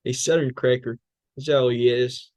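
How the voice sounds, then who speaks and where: Man, mid-pitched, delivering a recited speech with fiery rhetorical repetition; dry sound. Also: fairly even intonation, moderate pace, a little mellow, no room sound. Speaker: public speaking student. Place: speech training class.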